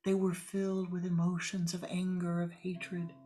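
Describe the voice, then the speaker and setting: A woman's voice: fairly low pitch, monotone, moderate pace, faint music behind, close to an everyday voice. A woman voicing a tender whispering divine Lord. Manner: soft, often whispered blessing.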